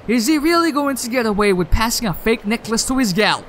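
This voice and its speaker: Man, let's play host; joking commentary, lively pitch, faint noise behind. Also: brisk. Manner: wry, joking. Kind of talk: gameplay commentary.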